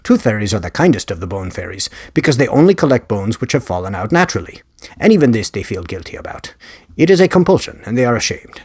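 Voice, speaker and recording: A man's voice: on the low side, sing-song, quick pace, a little mellow, breathy edge, no echo, clean studio sound. A man voicing an eccentric, earnest male investigator with a faint Spanish accent, lecturing about his theories. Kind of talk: audiobook character reading.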